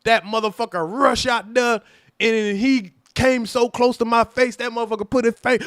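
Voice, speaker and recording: A man, hosting a live stream and telling a profane, animated story in which he acts out every side. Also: very high voice, moderate pace, dry recording, clean studio sound. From United States.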